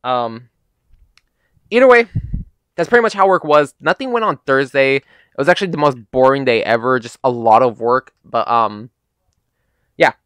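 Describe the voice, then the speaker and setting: A man's voice: medium pitch, animated, normal speed, long pauses, a bit bright, clear, resonant tone, no room sound. A young American man tells a casual, profane, rambling story in his vlog, full of filler words. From United States. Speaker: gaming YouTuber.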